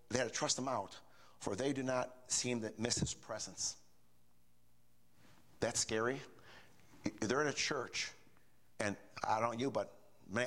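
A man's voice: mid-range voice, a bit bright. An older man preaching a sermon in a folksy, repetitive way, often asking the congregation rhetorical questions. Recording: reverberant hall.

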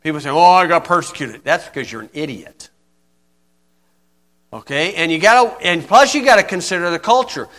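A man's voice: fairly high pitch, lively intonation, moderate pace, a bit bright. A man preaching an informal sermon in a folksy, blunt way, often asking "okay?".

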